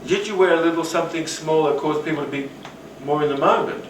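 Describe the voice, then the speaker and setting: Guy teaching a workshop, rambly and animated, echoey room, off-mic with background noise. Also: on the high side, fast. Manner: rambling, animated, acts out quoted voices. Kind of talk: teaching talk on rapport. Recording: roomy, distant, noisy.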